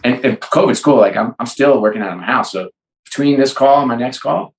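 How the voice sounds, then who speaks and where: A man guesting on a podcast, telling animated stories and acting out both sides of the dialogues. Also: medium pitch, brisk, echoey room, low-quality recording. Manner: energetic storyteller, acts out both sides of dialogues. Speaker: guest, sports and entertainment executive. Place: home.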